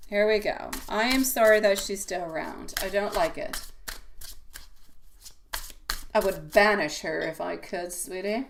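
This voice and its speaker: A woman hosting a live tarot stream, chatting casually with viewers and calling them sweetie and my love, swinging from loud exclamations to soft asides. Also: mid-range voice, a little slow, creaky, pauses often, background noise.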